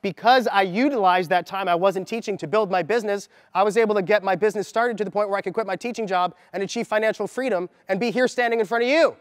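Animated high-voiced man coaching in a hall. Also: fast, few pauses, studio quality. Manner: animated storytelling, acting out quoted lines. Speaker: mindset coach. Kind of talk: motivational talk to a group. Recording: long hall reverb.

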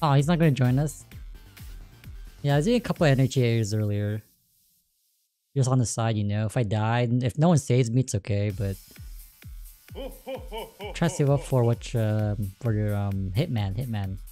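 A woman streamer chatting through a fighting game, calm between rounds and bursting into excited yelps mid-fight. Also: a bass voice, moderate pace, long pauses, faint music behind. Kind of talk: live gameplay commentary.

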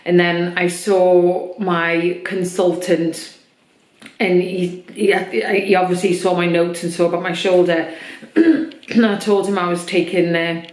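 Woman vlogger, low-ish voice, candid filler-heavy chat, slightly scratchy throat, roomy echo. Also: steady tone, unhurried. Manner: open, chatty, many fillers. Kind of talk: personal vlog chat. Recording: echoey room.

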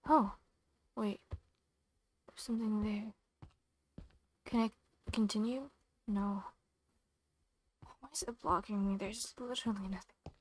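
A woman's voice: mid-range voice, fairly even intonation, slow pace, pauses often, a little hiss or hum, low-quality recording. A young woman giving nervous horror game commentary, talking to herself in short anxious questions. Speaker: gamer.

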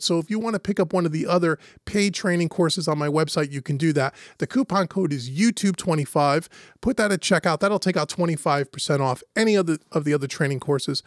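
A man with a fairly high voice walks through a software tutorial step by step, in a relaxed, conversational way. His voice is close and dry, with no room sound around it. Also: fairly quick, dry recording. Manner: casual, step-by-step walkthrough. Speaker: host and instructor. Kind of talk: screen-recorded software tutorial.

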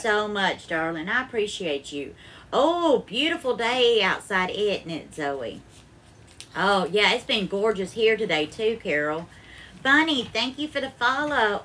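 Her voice sits on the high side, bright and forceful, with a slight hiss or hum behind it. She's an Alabama home cook with a Southern accent hosting a casual kitchen livestream, effusively greeting viewers by name in a bubbly sing-song and calling everyone darling.

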